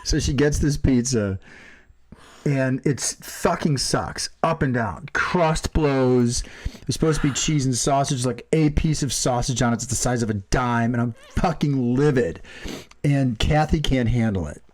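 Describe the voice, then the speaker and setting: A man's voice: mid-range voice, a little slow. A man co-hosting a casual chat, teasing his partner and laughing often while he tells stories. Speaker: podcast co-host.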